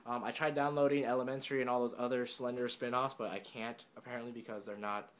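A young man chatting casually to his camera at home, giddy and jokey with quick asides. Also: mid-range voice, level tone. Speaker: vlogger. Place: home room, indoors.

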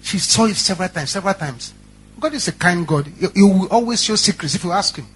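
A man's voice: sits high, expressive, fast talker, a bit bright, slightly rough. A male pastor preaching a sermon and telling stories in a dramatic, repetitive, emphatic way. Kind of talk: sermon storytelling.

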